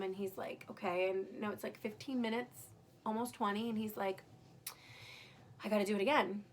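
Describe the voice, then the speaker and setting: A woman's voice: mid-range voice, fairly even intonation, a little fast, a bit bright, a little hiss or hum. A young woman candidly recounting her birth story in casual, emotional storytelling, swearing freely.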